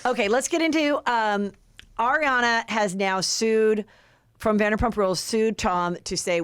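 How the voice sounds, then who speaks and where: A woman hosting a podcast, chatting fast and acting out quotes in voices. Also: on the high side, smooth, dry recording, studio quality. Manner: chatty, animated, acts out quotes in put-on voices. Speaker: podcast host. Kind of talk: casual gossip chat.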